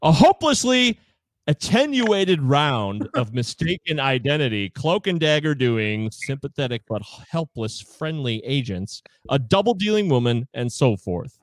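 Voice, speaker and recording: A man's voice: medium pitch, very animated, measured pace, dry recording. A man co-hosting a casual film discussion podcast, wry and sarcastic, reading bits of reviews aloud. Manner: wry, reads quotes aloud, sarcastic asides. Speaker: podcast co-host.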